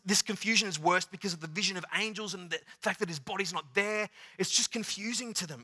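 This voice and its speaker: A man preaching a sermon, dramatic, swinging between loud passages and hushed ones. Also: high voice. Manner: dramatic, swings from loud to hushed, retells scenes in acted voices.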